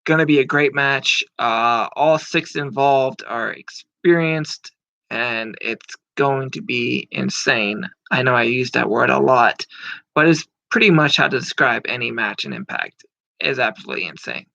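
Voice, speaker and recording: Slow-talking bright-voiced man making predictions. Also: mid-range voice, creaky, no room sound. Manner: rambling, swears casually, many fillers. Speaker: wrestling commentator. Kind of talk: casual predictions vlog. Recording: muffled lo-fi dry recording.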